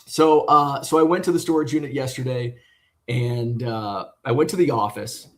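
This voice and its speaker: A man with a mid-range, fairly bright voice vlogs casually about his sports card hobby at a normal pace. He rambles and swears as he vents about a bad customer service experience, retelling it with clear exasperation.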